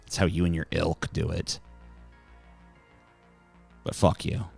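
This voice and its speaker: Speaking into a close handheld mic with faint music behind, a male livestream host brashly rants at chat, mocking and swearing heavily. His voice sits low with little pitch movement, and it's slow, creaky, a little mellow and husky.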